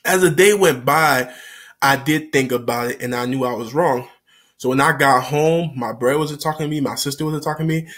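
A man vlogger telling a story in a casual, slangy, animated way. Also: medium pitch, brisk.

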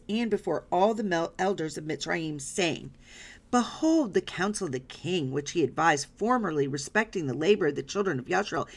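A woman Bible teacher reading scripture aloud and stopping to explain it, often checking in with "right?" and "okay?". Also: fairly low pitch. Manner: reads passages aloud, then stops to explain.

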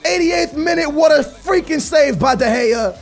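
A young man with a very high, gravelly voice calls a football video game live, swinging between yelling at plays and muttering complaints. His voice sounds strained and worn from shouting, and hip hop music plays faintly underneath. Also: a little slow. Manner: excitable, shouting at the game, slangy. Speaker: gaming YouTuber. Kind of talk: live gameplay commentary.

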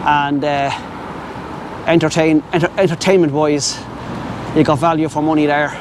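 A middle-aged Irish vlogger chats rambling commentary to his viewers, and to the birds, while walking a riverside path in a city, wearing a wireless clip-on mic. His voice is on the high side and level, at a normal speed, with a noisy background.

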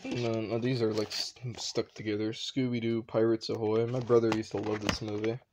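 A man's voice: fairly low pitch, flat delivery, a little fast, background noise. A young man casually talking through his shelves at home in a rambling, unsure way, full of offhand asides. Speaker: vlogger.

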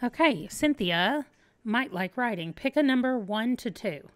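A woman's voice: fairly high pitch, animated, a little slow, no room sound. A woman hosting a let's play, chatting casually and thinking aloud as she plays. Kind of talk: casual gameplay commentary.

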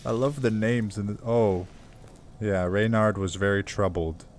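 A little slow and steady in tone, a man with a fairly low voice narrates his survival horror game for a YouTube let's play. He's chatty and easily startled, with nervous laughter at the scary moments, and a slight hiss or hum is audible.

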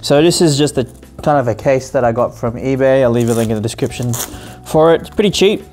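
Tech-channel host, male, mid pitch; easygoing, enthusiastic unboxing chatter with frequent fillers and self-corrections. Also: faint music behind. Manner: excited, chatty, often pauses with um and self-corrections. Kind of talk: casual unboxing narration.

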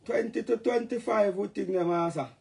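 A middle-aged Jamaican man rants and jokes in patois on a casual livestream. His voice sits high and carries a gravelly rasp. He talks in a loose, animated way. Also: normal speed.

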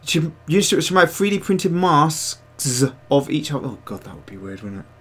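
A man's voice: fairly high pitch, big pitch swings, moderate pace, pushed and bright, breathy edge. Chatty man on a livestream. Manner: rambling, chatty, many fillers and restarts. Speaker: livestream host and digital sculptor. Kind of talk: casual livestream chat.

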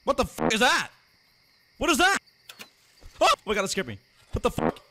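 A man streaming a horror game live, jumpy and loud, swearing at every scare and chatting with his viewers. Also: high-pitched, huge pitch swings, fast talker, gravelly. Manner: reads donations and chats to viewers. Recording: noisy background.

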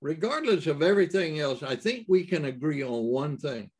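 A man preaching a sermon in a halting way, with many fillers and restarts and emphatic rises. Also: a little high, animated, a little mellow, husky.

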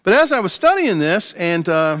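A man's voice: sits high, big pitch swings, normal speed, fairly bright tone, big-room sound. An older man preaching a casual, playful sermon as pastor, leading call-and-response with his congregation. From USA. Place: church sanctuary.

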